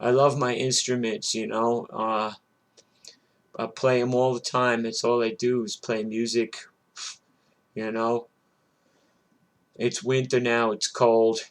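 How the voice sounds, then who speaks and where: A middle-aged man and working guitarist, telling a rambling, cursing rant that starts loud and worked up and settles into a low, weary tone. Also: level tone, takes it slowly, pauses often. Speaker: gigging guitarist and show host.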